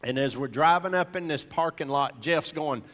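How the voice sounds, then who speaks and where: A preacher tells his testimony to a room of men, earnest and animated as a storyteller. His voice sits a bit high for a man, and a long hall reverb trails every phrase. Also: moderate pace. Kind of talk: sermon with personal testimony.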